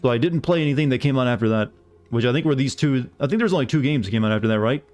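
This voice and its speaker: A male game streamer with an average-pitched voice chats loosely with his live viewers. He rambles and greets them by name as he goes. Soft music plays faintly underneath. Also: expressive, rapid-fire. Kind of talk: casual chat with live viewers.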